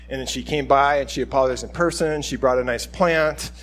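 A man's voice: medium pitch, fairly quick, hardly any pauses, a bit bright. A middle-aged man, a pastor, giving an informal, conversational sermon and acting out quoted speech along the way.

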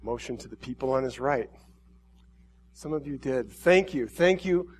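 A man's voice: medium pitch, animated, moderate pace, breathy edge. A man preaching, speaking as a grieving, loving god who pleads tenderly with humanity. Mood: pleading.

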